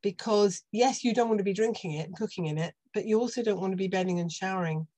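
Woman, British accent, middle-aged doctor, podcast guest, explanatory, dry sarcasm, mid pitch. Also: fast, mellow. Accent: British English. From United Kingdom. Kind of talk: podcast interview.

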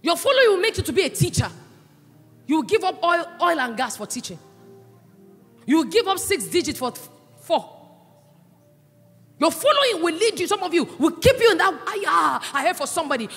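A woman pastor preaching a sermon with passion, swinging between loud cries and hushed asides. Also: high-pitched, very animated, a little fast, pauses often. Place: church hall. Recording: echoey church hall, with faint music.

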